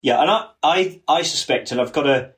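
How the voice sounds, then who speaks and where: A man's voice: a little high, lively intonation, brisk, a bit bright. Earnest man who repeats words while thinking. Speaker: podcast guest, author. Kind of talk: casual conversation.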